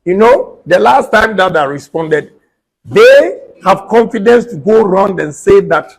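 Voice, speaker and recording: A man's voice: high-pitched, lively intonation, measured pace, vocal fry, husky, low-quality recording. A Ghanaian man, a politician, making an emphatic, combative political statement and repeating points for stress.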